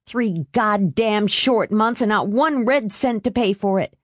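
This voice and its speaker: A woman voicing a furious, worn-out middle-aged working mother who shouts in shrill rage. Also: measured pace, no echo, studio quality, lightly acted. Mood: bitter, furious.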